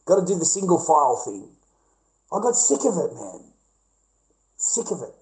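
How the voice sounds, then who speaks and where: A middle-aged Australian man speaking casually and bluntly, full of profanity. His voice sits a little above the usual male pitch. He sounds like he is ranting at viewers. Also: sing-song, moderate pace, a little mellow, low-quality recording.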